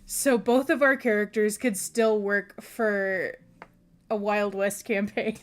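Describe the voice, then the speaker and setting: A woman's voice: medium pitch, steady tone, takes it slowly. A young woman from the American South with a Southern accent, chatting casually with viewers on a stream, rambling and laughing often. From Southern United States. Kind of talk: casual chat with viewers during a work-along stream. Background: soft background music.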